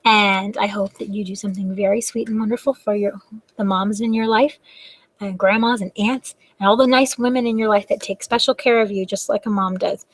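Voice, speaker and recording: A woman reading a picture book aloud to children at a library storytime, expressive and playful, with sound effects. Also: medium pitch, a little fast.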